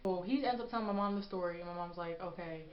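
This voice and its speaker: A young woman vlogger telling a storytime story, rambling and animated with lots of fillers, in an echoey room with dull lo-fi sound. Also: on the low side, fast talker. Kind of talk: storytime vlog.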